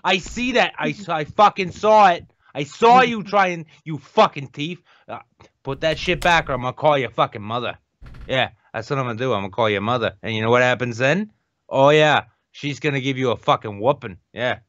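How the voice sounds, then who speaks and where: A man voicing a foul-mouthed, angry librarian woman with a Dorchester Boston accent, yelling crude threats. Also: mid-range voice, a little fast, dry recording, highs cut off, natural voice.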